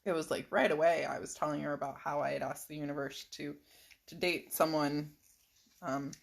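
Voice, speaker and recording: A woman's voice: low-pitched, vocal fry. A middle-aged woman casually telling a rambling personal story in a vlog, full of fillers and little laughs. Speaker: vlogger.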